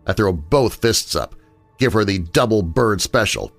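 A man narrates a first-person horror tale with lively, expressive storytelling. His voice sits on the low side but moves around a lot in pitch. Quiet music plays underneath. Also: unhurried, vocal fry.

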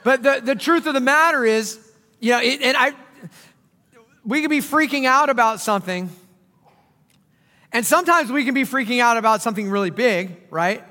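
High, bright-voiced joking male pastor. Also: moderate pace, long pauses. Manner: conversational, joking preacher with dramatic swings in loudness. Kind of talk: sermon. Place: church auditorium. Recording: church hall with long reverb.

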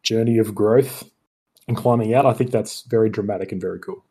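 A man co-hosting a casual film chat, animated, acting out quotes as he talks. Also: lowish voice, brisk, breathy edge. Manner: animated, acts out lines mid-sentence. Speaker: podcast co-host.

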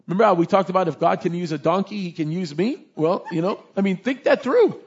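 A man preacher giving a sermon, retelling Bible stories in an animated, informal way with slangy asides. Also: high-pitched, fast, few pauses, breathy edge. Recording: dull lo-fi recording.

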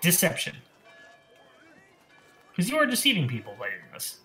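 A man's voice: on the high side, huge pitch swings, moderate pace, pushed and bright, faint music behind. A man narrating a tabletop game as game master, rambling and correcting himself with lots of fillers.

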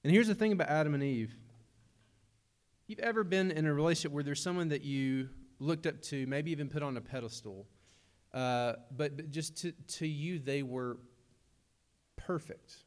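A man's voice: a little high, moderate pace. A young adult man, preaching a sermon in a conversational way with humorous asides. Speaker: pastor.

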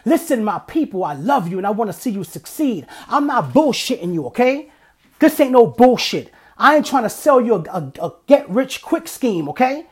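Husky, emphatic male podcast host. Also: extremely high pitch, sing-song, normal speed, darkish tone. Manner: emphatic, blunt, swears freely. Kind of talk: motivational monologue.

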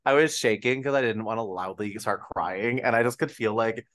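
A man with a lowish voice co-hosts a casual film review podcast. He talks in an animated, rambling way with plenty of fillers and frequent laughter. The sound is dry and close, with no room around it. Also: fairly quick, no echo. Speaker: podcast co-host.

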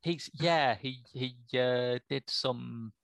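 Man, low gravelly voice, dry close sound, wry podcast chat. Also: takes it slowly, a bit bright, no room sound. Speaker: podcast co-host. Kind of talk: casual film chat.

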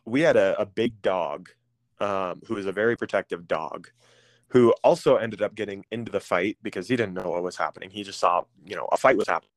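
Man, lowish voice, candid storytelling, halting with ums, dry close recording. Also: no echo. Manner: halting, with frequent ums and restarts. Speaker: guest sharing a personal story.

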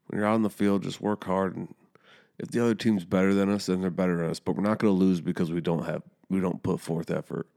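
A man with a very deep, low voice tells a story in a relaxed, casual way. He swears freely and gets more heated as he goes, as a young youth soccer coach speaking to his listeners. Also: fast talker, gravelly.

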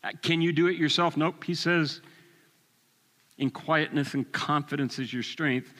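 A man in his sixties preaching a sermon, telling a personal story with animated delivery and chuckles. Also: fairly high pitch, a little slow, long reverb tail.

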